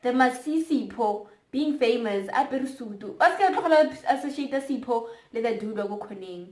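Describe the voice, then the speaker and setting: A woman's voice: on the high side, normal speed. Emphatic South African woman in echoey room. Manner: animated, preachy rants with emphatic repeats. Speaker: co-host. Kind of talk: casual opinion chat.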